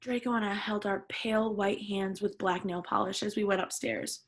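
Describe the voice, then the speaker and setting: Husky woman in her 20s reading a story out loud, giggly and theatrical, podcast host vibe. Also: mid-range voice, fairly even intonation, moderate pace. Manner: giggly, theatrical, reads aloud with voices. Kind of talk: casual dramatic reading with friend.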